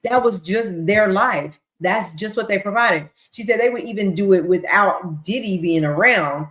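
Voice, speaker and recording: A woman's voice: mid-range voice, normal speed, fairly bright tone. A woman hosting a livestream, casually recapping court testimony and acting out quotes as she goes. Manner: chatty, retells with voiced quotes and ad-libs. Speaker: livestream host. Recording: roomy echo.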